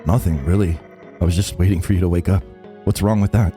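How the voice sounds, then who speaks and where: A man voicing a meek, soft-spoken old male stranger who talks in a timid, halting way. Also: low voice, steady tone, faint music behind, voice pushed down, lightly acted.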